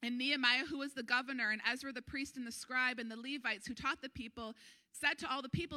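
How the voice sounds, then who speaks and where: A woman pastor preaching a sermon, earnest and animated, urging her congregation on. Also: brisk. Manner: animated, acts out crowd voices with sudden high pitch.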